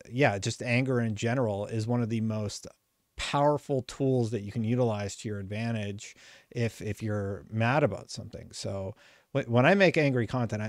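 A middle-aged man with a low voice hosts a relaxed podcast conversation. He speaks earnestly and lively, with frequent fillers and restarts. The sound is close and dry, with no room echo. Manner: earnest, animated, trails off into fillers. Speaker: podcast host. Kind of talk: casual chat.

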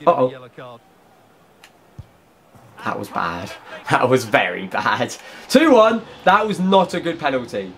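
A young man giving excited, chatty commentary over his own football video game match, often bursting into shouts. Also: medium pitch, slow, long pauses, slight background noise. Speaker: gaming YouTuber. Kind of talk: excited live gameplay commentary.

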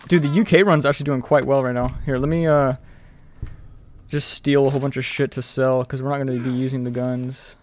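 A young man streaming a video game, chatting casually with viewers, excitable and swearing freely, yelling when the action heats up. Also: medium pitch, brisk. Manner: excitable, swears freely, yells during fights. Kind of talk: casual live-stream chat and gameplay commentary.

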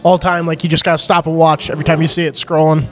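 A man's voice: on the high side, flat delivery, fast talker. A male podcast host in casual chat, upbeat, asking questions and laughing easily.

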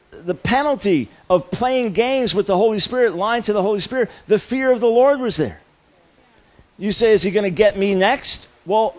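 A man's voice: high-pitched, lo-fi sound. A man preaching a sermon, telling a story with humor and frequent restarts. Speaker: guest preacher. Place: church camp meeting hall.

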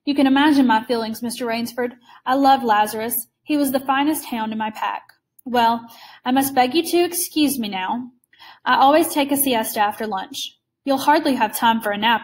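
A suave, menacing older general, put on by a woman reading a story aloud, speaking with polished and amused courtesy. The voice sits fairly high and never loses its smooth poise. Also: normal speed, lightly acted. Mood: courtly.

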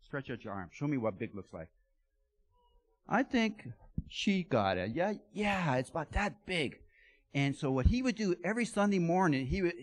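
A man's voice: medium pitch, very animated, normal speed. A man giving a playful children's talk at a church service, asking the kids lots of questions. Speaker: guest speaker giving children's blessing. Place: church sanctuary.

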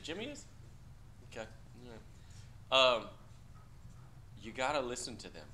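A man's voice: fairly low pitch, bright, forceful tone, slight background noise. A man teaching a class, talking bluntly and casually with profanity, quizzing students in a discussion. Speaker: instructor.

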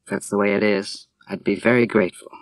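A quiet, courteous middle-aged naval captain who speaks low and softly, as read by a male narrator. His manner is polite and restrained, in a dry, close recording. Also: level tone, brisk, no room sound, close to an everyday voice. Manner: soft-spoken, polite and restrained.

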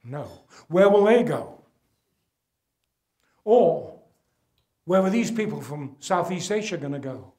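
An older man giving a public lecture, earnest and emphatic, dropping his voice low to press home a point. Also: lively intonation, takes it slowly, long pauses. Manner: earnest, emphatic, drops to quiet for weight. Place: gala event hall.

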